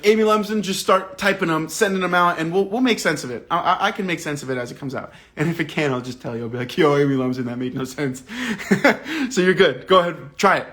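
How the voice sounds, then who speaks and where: A man hosts a livestream book club, discussing the book and reading out viewer comments in a casual, animated, indignant manner full of slang and swearing. His voice is fairly high.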